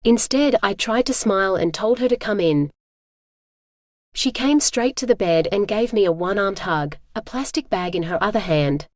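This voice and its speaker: Synthetic woman narrating an audiobook, steady. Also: mid-range voice, normal speed, dry recording, clean studio sound. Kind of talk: scripted first-person audiobook narration.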